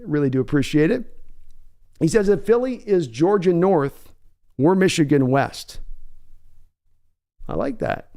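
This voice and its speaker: A man's voice: high voice, vocal fry, a little mellow. A man hosting a live stream, chatting in a rambling way and reading donor messages aloud. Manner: rambling, chatty, reads donations. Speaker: host. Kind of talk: live stream reaction chat.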